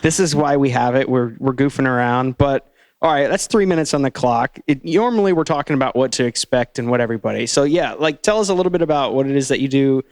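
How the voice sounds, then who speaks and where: A man's voice: medium pitch, fast talker, clear, resonant tone, no echo. A young man hosting a casual interview chat, jokey and goofy, laughing often. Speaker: host. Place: home set.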